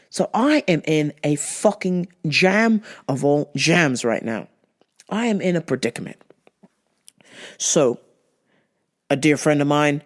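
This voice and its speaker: A young woman telling a story to camera in a casual, exasperated rant, swearing freely and rising to shouts. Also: low-pitched. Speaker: vlogger.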